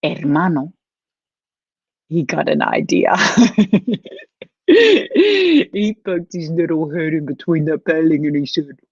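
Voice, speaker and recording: A woman telling a bilingual children's story, animated and laughing, dropping to whispers for suspense. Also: low-pitched, slow, long pauses, breathy edge, no room sound, lo-fi sound. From Australia.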